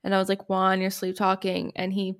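A woman co-hosting a casual podcast chat. She tells stories animatedly, acts out quotes with big pitch jumps, and fills her speech with "like". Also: completely flat delivery, a little fast, noisy background. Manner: heavy use of "like" as filler. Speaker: podcast co-host.

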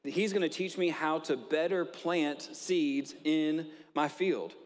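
A man's voice: fairly high pitch, takes it slowly, in a large hall, voice pushed up. A man playing an eager farmer who hopes to grow a better crop. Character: eager male farmer hoping to grow more.

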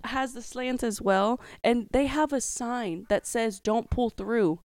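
A woman co-hosting a podcast in casual chat, animated and slangy, laughing often. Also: a little high, takes it slowly, dry recording. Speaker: podcast co-host.

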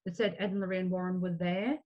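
A woman's voice: lowish voice, fairly even intonation, fast. Brief: woman, podcast co-host, chatty, restarts a lot, dull lo-fi sound. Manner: chatty, many restarts and fillers. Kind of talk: casual film chat.

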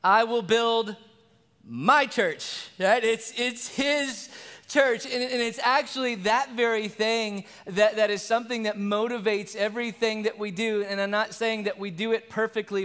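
Male pastor, high voice, earnest conversational sermon, long church reverb. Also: fairly bright tone, smooth. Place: church sanctuary.

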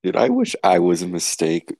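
A man's voice: deep voice, wildly swooping pitch, normal speed, darkish tone, dry recording. A young man co-hosting a casual podcast, teasing the others and rambling through stories with frequent laughs. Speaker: podcast co-host.

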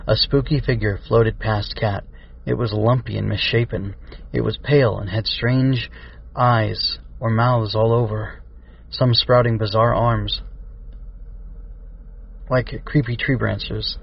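A man's voice: on the low side, steady tone, unhurried, creaky, husky. Man narrating a storybook, muffled. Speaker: author reading own stories. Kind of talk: storybook narration and writing log.

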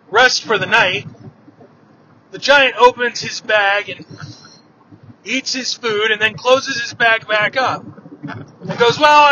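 A man tells an old myth aloud, slow and unhurried, with a high, bright voice. He paints each scene vividly. The recording is dull and lo-fi, with a faint hiss behind. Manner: relaxed, vivid retelling. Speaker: storyteller. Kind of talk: oral storytelling of myths.

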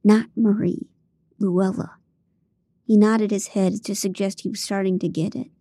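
A woman's voice: mid-range voice, flat delivery, fairly quick, dark tone, no echo. A woman narrating a first-person audiobook in a dry, comic way on a close studio mic.

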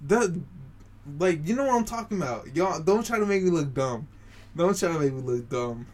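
A man's voice: on the high side, expressive, normal speed, a little mellow. A man bantering casually with friends, rambling, laughing often and swearing freely. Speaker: friend in a group chat.

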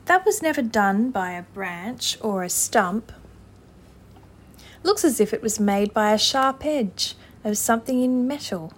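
A woman voicing an excitable, bossy male water rat in a storybook reading. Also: a little high, measured pace. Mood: kindly.

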